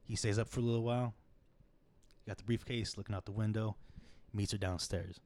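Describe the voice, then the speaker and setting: A man's voice: lowish voice, fairly even intonation, brisk, a little mellow. A man hosting a podcast, retelling a story in a casual, rambling way, swearing freely and acting out the quotes. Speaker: podcast host.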